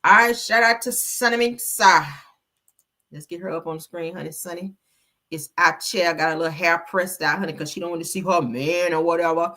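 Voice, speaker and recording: A woman's voice: fairly low pitch, brisk, pushed and bright. A woman hosting a gossip livestream, sassy and chatty, calling her viewers honey and child. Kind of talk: casual gossip commentary.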